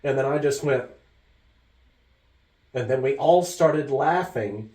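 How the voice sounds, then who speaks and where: A man's voice: mid-range voice, slow. A man co-hosting a podcast, telling a story casually and animatedly. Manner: animated, laughs through the story. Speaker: podcast co-host. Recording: roomy echo, mic far off.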